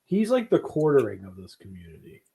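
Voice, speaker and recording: A man's voice: medium pitch, brisk, gravelly, husky. A man co-hosting a casual film chat, joking and swearing freely. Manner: animated, profane, joking. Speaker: podcast co-host.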